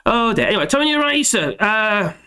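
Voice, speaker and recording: Middle-aged male streamer, high voice with a bouncy, lively delivery, jokey and self-deprecating. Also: moderate pace, smooth. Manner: rambling, jokey, self-deprecating, chuckles often. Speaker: live stream host reading chat. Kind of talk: casual live stream chat.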